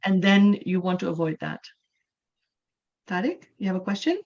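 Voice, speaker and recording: A woman's voice: fairly low pitch, big pitch swings, moderate pace, darkish tone. Woman teaching over muffled audio. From Canada. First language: English. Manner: explanatory, often adds a checking "right?". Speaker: English teacher. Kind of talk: online class lecture.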